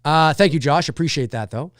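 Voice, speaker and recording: Speaking a little fast in a voice on the high side, a livestream host chats casually about a film and replies to viewer comments. He is animated and rambling, with frequent restarts and fillers. The studio-quality recording has no room sound.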